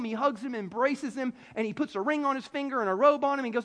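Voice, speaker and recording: A man preaching a sermon to a congregation, animated and conversational, with frequent restarts. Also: very high voice, fast talker, hardly any pauses. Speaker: pastor. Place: church in front of a congregation.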